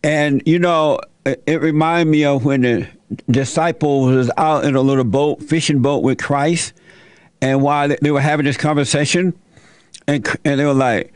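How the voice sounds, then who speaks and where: A man's voice: a little high, steady tone, moderate pace, no echo, studio quality. A man hosting a call-in show, giving blunt, preachy advice and telling folksy stories. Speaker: talk show host giving advice to callers.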